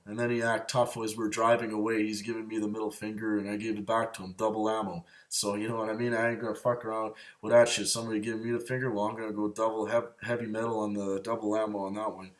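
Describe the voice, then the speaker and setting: A man's voice: fairly low pitch, level tone, fast talker. A man ranting in a rambling, agitated way, swearing constantly and repeating himself as he tells of grudges. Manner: profane, agitated, repetitive. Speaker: show host. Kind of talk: rambling personal rant.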